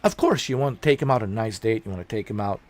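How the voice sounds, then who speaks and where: A streamer chatting casually, ranting in a rambling, blunt and profane way and repeating himself. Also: male voice, on the low side, racing.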